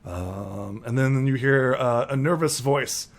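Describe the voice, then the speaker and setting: A man's voice: mid-range voice, takes it slowly. A man narrating a tabletop role-playing game as game master, rambling with many fillers.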